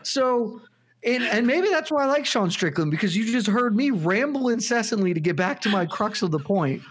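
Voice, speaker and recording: A man on a sports podcast panel, chatting casually and rambling through long, animated tangents, with some swearing. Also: high voice, normal speed, breathy edge. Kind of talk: casual chat.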